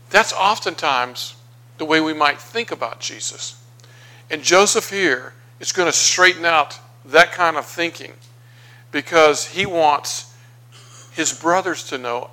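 Bright-voiced man preaching conversationally. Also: fairly high pitch, poor audio. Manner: conversational, thinking aloud with filler pauses. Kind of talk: sermon teaching through scripture.

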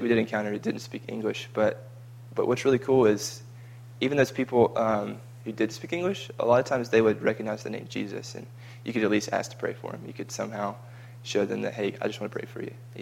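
A man's voice: lowish voice, fast, creaky, hardly any pauses. A man chatting casually about a trip, rambling and repeating his words as he goes. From United States. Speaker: vlogger recounting a mission trip. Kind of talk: casual chat.

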